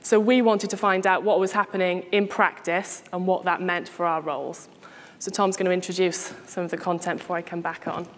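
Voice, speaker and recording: A woman giving a brisk conference presentation. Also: fairly low pitch, steady tone. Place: conference hall. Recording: long hall reverb.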